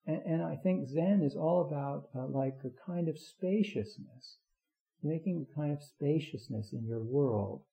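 A man giving a rambling Zen talk, halting often with fillers and restarts. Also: on the high side, vocal fry, mellow. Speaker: Zen teacher. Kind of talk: dharma talk. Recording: roomy, dull lo-fi recording.

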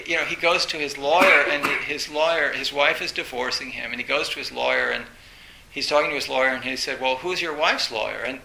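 A man giving an informal dharma talk as a Zen teacher. He speaks haltingly and grows more animated as he retells a story. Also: mid-range voice, gravelly. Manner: halting, storytelling, recounts a film with rising animation. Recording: roomy echo with faint hiss.

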